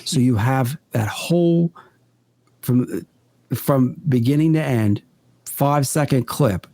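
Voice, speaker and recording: A man guest on a podcast, a paranormal investigator, telling his experiences in an earnest, deliberate way. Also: mid-range voice, dark tone, no echo. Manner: earnest, deliberate, builds stories step by step. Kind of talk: conversational storytelling in an interview.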